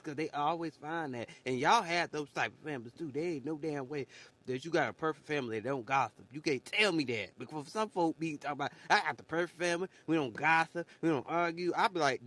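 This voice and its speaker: A man's voice: fairly high pitch, pushed and bright, no room sound. A man ranting in a casual, profane monologue, repeating words and shifting his voice a lot as he goes. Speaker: podcaster. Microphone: solo voice message.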